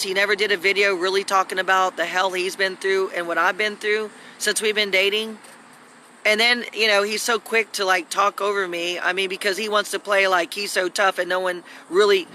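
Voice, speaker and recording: A woman at home rambles and scolds through a live video recorded on a phone, agitated and talking in long runs. Her voice is mid-range with a sharp tone, and there's slight background noise.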